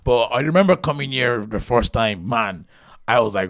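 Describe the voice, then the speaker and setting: A man in his thirties from Nigeria, a podcast guest telling lively stories laughter and acted-out voices. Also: a little high, a little fast, vocal fry. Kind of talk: casual storytelling interview.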